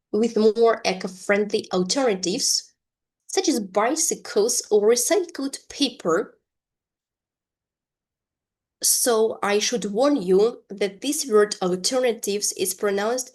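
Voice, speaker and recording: Slow, deliberate woman teacher. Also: a little high, a little mellow. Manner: slow, deliberate reading of example sentences. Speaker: English teacher. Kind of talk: online English lesson.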